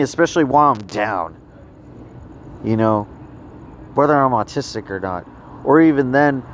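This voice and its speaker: A man rambling through a personal story in a halting, repetitive vlog, often trailing off and restarting. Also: fairly high pitch, slight background noise. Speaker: vlogger.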